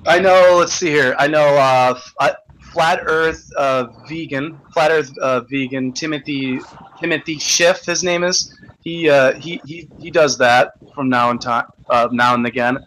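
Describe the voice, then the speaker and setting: Guy ranting on a hangout, cusses a lot, keeps restarting, kinda high bright voice. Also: measured pace, slight background noise, rough recording. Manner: profane, ranting, stammering restarts. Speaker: host. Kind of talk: casual chat.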